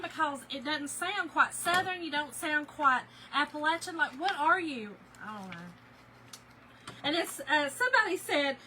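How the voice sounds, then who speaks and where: Bright chatty woman live-crafting. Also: sits high, expressive, fairly quick, a little hiss or hum, low-quality recording. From Kentucky, USA. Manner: chatty, talks to viewers by name and says y'all. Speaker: craft shop owner hosting a live stream. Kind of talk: casual live chat while crafting.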